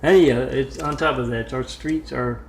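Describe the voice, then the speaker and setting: Gravelly man rambling in an echoey room. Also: medium pitch, fairly even intonation. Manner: meandering, with many "uh" pauses and side remarks. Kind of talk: rambling home-made storytelling. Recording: echoey room with faint noise.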